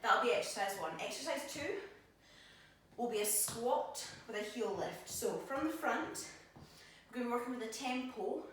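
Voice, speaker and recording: A woman's voice: on the high side, fairly bright tone, slight background noise. A woman personal trainer leading a workout, counting reps and cueing moves while she exercises, a little out of breath. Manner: encouraging, counts reps aloud. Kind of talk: workout instruction while demonstrating. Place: gym. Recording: very echoey gym from far off.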